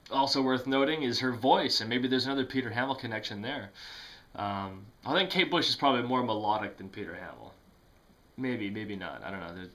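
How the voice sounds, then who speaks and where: A man rambles through a casual video chat, stumbling over restarts and fillers and laughing at himself. His voice is bright and forceful, pitched mid-range for a man. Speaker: music vlogger. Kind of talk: casual talk to camera.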